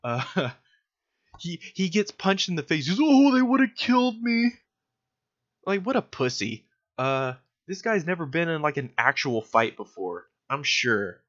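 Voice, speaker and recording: A man's voice: medium pitch, expressive, a little slow, fairly bright tone. A young man giving casual, sarcastic video commentary, mocking his target with lots of fillers. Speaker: political commentator. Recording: dull lo-fi recording.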